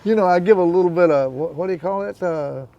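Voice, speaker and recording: The audio is dull, but this man in his eighties comes through with a high-pitched, mellow voice and a quick pace. A veteran paddler being interviewed, he chats casually, teasing as he tells stories and laughing frequently.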